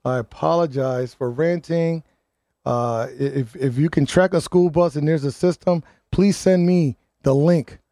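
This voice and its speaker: A man's voice: a little high, a little slow, mellow, dry recording. A man hosting a live talk radio show, ranting and restarting his words often as he reads listener comments and programming notes in the studio.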